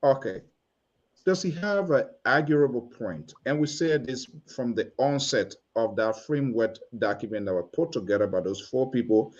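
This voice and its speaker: A man's voice: medium pitch, lively intonation, normal speed. A man hosting a political talk show, talking in an emphatic, rambling way. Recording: dull lo-fi sound.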